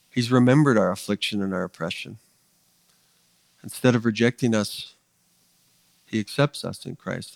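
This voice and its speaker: A man's voice: mid-range voice, no echo, big-room sound. A man preaching a sermon as pastor, earnest and conversational, building his points with emphatic rising lists. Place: church sanctuary.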